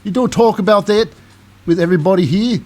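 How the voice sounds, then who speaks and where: A man's voice: high-pitched, fairly quick, faint music behind, pitched above the performer's own voice. A man putting on a patchy Australian accent to impersonate a commanding female wrestling leader who scolds her faction. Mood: scolding. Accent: put-on Australian, slipping in and out.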